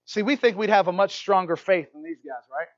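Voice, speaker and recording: Male pastor, high-pitched, animated sermon, playful asides, muffled lo-fi sound. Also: a little fast. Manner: animated, playful asides, keeps asking "right?". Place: church hall.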